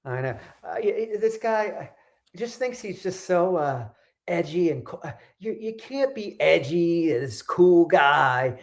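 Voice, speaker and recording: A man's voice: on the high side, expressive, a little slow. Laughing, crude-talking male show host. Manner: crude, laughing, rambling banter. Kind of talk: casual podcast chat.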